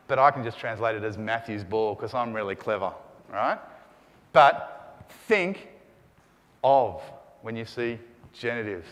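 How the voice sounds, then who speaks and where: In a lecture room with a long reverb tail, a man with a medium-pitched voice teaches Greek grammar. He drills his students energetically through call and response, his voice climbing to shouts.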